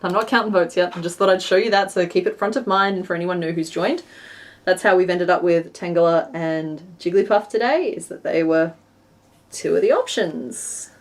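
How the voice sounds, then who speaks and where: A woman's voice: lowish voice, normal speed. A young woman with a West Australian accent, chatting casually with viewers on a live stream while she crochets. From Western Australia. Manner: chatty and self-deprecating, narrating her hands-on work.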